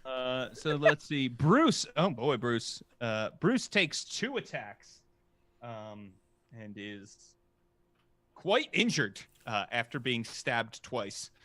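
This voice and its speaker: A man narrating a tabletop game as game master, halting and full of filler sounds. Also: medium pitch, sing-song, pushed and bright, dry recording.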